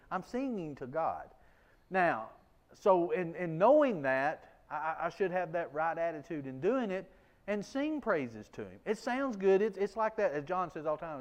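A man teaching a conversational Bible lesson, folksy and self-deprecating, often restarting his sentences. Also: high voice.

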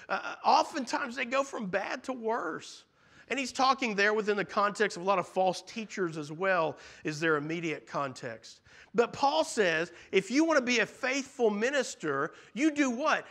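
A man's voice: high voice, bright, forceful tone. A man preaching an earnest sermon, often restarting and repeating his phrases.

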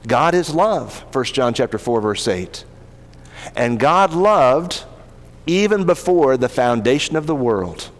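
Male pastor, slightly high voice, earnest sermon delivery with slow emphatic scripture reading, long hall reverb.

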